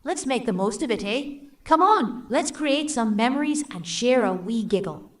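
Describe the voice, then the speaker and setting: A woman's voice: a little high, animated, normal speed, far from the mic, close to an everyday voice. Woman voicing a giggly young Scottish lass. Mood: cheerful.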